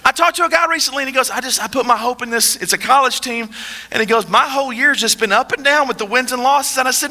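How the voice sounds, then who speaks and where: A man's voice: extremely high pitch, fast, pushed and bright. A man, preaching a sermon in a casual, joking way and asking the audience rhetorical questions. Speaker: pastor. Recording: long hall reverb.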